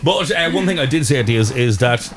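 A man's voice: medium pitch, animated, fast, crowd noise. An Irish man hosting a radio chat show, playful and joking with his guests. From Ireland. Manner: jokey, playful, breaks into mimicked voices. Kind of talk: casual chat show interview.

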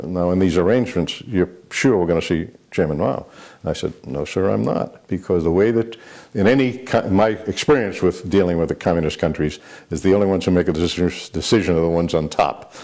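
A man's voice: low voice, fairly quick, mellow. An older man, a former military aide, answering interview questions with rambling anecdotes, many fillers and restarts.

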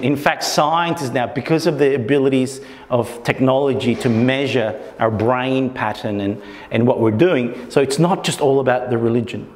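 A man's voice: mid-range voice, a little mellow. A man presenting to a small meetup group, often checking in with his listeners and acting out inner thoughts. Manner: keeps checking in with the audience, acts out inner thoughts. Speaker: workshop presenter. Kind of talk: informal talk to a small group. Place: meetup room. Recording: echoey room with long reverb.

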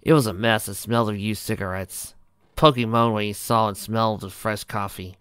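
A man narrating a fan fiction chapter aloud in a plain, even storytelling read. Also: fairly low pitch, normal speed, smooth, no echo, studio quality.

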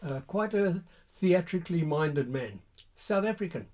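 An older man recalls his army years to viewers. He speaks in a somewhat high, mellow voice, unhurried and hesitant, pausing often as he gathers his thoughts. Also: animated. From Rhodesia. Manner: unhurried, hesitant, with frequent pauses. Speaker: army veteran answering viewers' questions. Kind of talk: reflective spoken reminiscence.

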